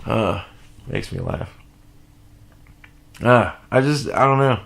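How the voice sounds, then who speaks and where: A man with a gravelly, fry-laden voice rants in a casual reaction vlog. He swears freely and jumps between thoughts with false starts, sounding short on sleep. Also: mid-range voice, takes it slowly. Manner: animated, profane, rambling with restarts. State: sleep deprived. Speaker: commentary vlogger.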